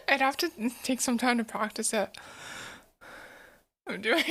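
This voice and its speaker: A woman's voice: fairly high pitch, lively intonation, takes it slowly, pauses often, pushed and bright. A woman streamer chatting casually with her viewers, giggling often and repeating words as she thinks. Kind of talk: casual live-stream chat.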